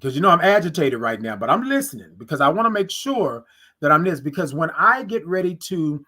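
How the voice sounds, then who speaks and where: Woman host, casual storyteller; animated, acts out the back-and-forth, repeats lines for emphasis, speaks right to her audience. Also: low voice, brisk, slightly rough. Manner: animated, acts out both sides of conversations; talks straight to listeners, repeats phrases for emphasis. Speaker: podcast host.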